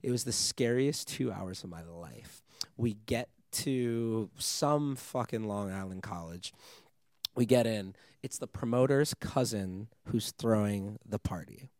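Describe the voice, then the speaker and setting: Young dj guy, lowish voice, spins a crazy story, swears a lot, dry mic. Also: measured pace, dry recording. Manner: animated, laughing storyteller who swears often. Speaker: guest DJ. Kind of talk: casual storytelling chat.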